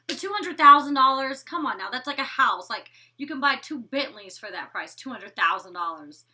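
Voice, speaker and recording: With a voice that sits high, expressive and pushed bright, a twenty-something former cast member sassily recaps a reality show episode at normal speed, swearing freely and not mincing words. The mic is some distance away.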